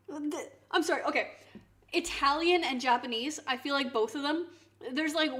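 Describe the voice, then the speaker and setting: A woman streamer chatting casually to her viewers, swinging into loud mock outrage and swearing. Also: high voice. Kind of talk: casual live-stream chat. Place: home kitchen.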